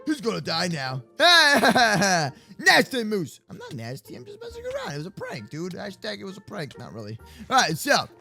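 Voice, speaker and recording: Young guy doing minecraft roleplay, high voice bouncing all over, hyper and yelly, jokes nonstop. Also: huge pitch swings, normal speed, vocal fry, music in the background. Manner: hyper, jokey, often yelling. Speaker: gaming YouTuber. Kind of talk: goofy Minecraft role-play commentary. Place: home bedroom.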